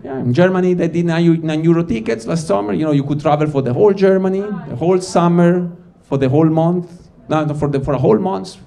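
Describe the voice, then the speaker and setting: On a comedy stage before a live audience, a man from Ticino, Switzerland, performs stand-up, rambling, cutting himself off mid-sentence and calling the crowd "guys." His gravelly, dark-toned voice is a little high and fast with few pauses.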